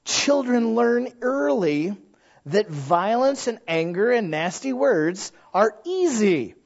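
Man preaching, fairly high voice, lively storyteller, slightly dull lo-fi recording. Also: slow pace. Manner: animated storyteller who acts out quoted voices. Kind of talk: sermon.

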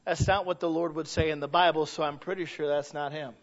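A man with a high-pitched voice preaches a sermon with passion, and his stories sometimes build to shouts. The recording sounds dull and lo-fi. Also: fairly even intonation, a little fast. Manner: impassioned, rising to shouted emphasis; storytelling asides.

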